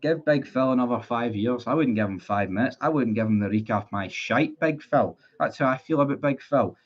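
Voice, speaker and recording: A man's voice: medium pitch, a little fast, muffled recording. A Scottish man ranting heatedly about his football club on a live stream, reading chat messages and swearing often. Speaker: football fan livestreamer.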